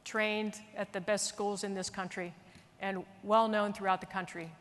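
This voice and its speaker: A woman military leader telling a story in an earnest, animated way, speaking at a conference. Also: medium pitch, normal speed. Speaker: military leader giving a speech. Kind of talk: storytelling speech. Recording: long reverb of a large hall.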